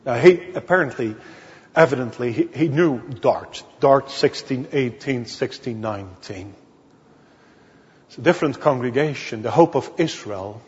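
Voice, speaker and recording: A male minister from the Netherlands, preaching a sermon in slow, deliberate storytelling that leans on key words. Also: mid-range voice, expressive. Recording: dull audio with long hall reverb.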